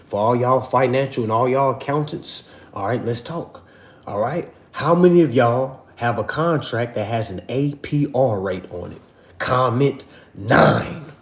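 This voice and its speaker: Animated man lecturing on a livestream. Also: mid-range voice, reverberant. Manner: preachy, repetitive, calls viewers "family" and "y'all". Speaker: livestream host teaching a finance class.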